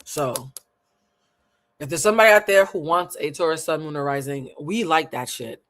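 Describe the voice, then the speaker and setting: A woman's voice: low-pitched, moderate pace. Woman, tarot reader, live stream, playful, blunt, slangy, chatty with viewers. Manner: animated, playful and blunt, laughs often; casual slang-heavy chat with viewers.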